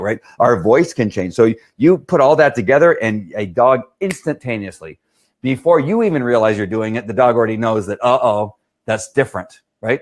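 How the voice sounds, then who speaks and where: A middle-aged man works as a dog trainer and answers questions in an informal conversation. His voice is medium in pitch and moderate in pace. He's talkative and frequently checks in with "right?"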